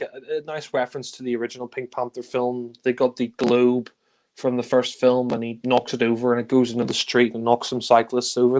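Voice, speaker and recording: A man giving a casual spoken film review, blunt and critical, with frequent sighs and filler words. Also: mid-range voice.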